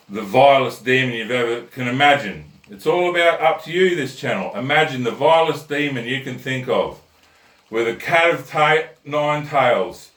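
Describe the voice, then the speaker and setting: A man's voice: medium pitch, fairly bright tone. Blunt man telling crude jokes. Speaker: host. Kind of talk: comic rant and joke telling. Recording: roomy echo, mic at a distance.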